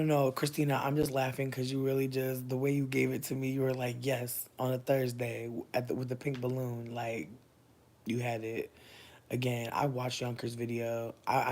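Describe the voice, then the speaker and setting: Lady in her 30s ranting on her livestream, cussing, laughing, talking to chat. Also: very deep voice. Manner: loud, profane, laughing, talks to chat. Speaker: livestream host. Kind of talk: casual livestream chat with viewers.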